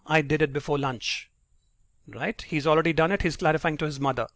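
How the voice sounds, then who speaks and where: Male teacher, fairly high voice, explanatory, dry close recording. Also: a little fast, a bit bright, dry recording. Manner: explanatory, often tags sentences with "right?". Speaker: English teacher. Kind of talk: online grammar lesson.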